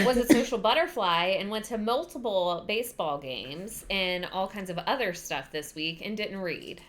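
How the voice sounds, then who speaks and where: Lively, self-deprecating woman co-host. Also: mid-range voice, slight background noise. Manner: chatty, self-deprecating, quick bursts. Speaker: podcast co-host. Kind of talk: casual chat.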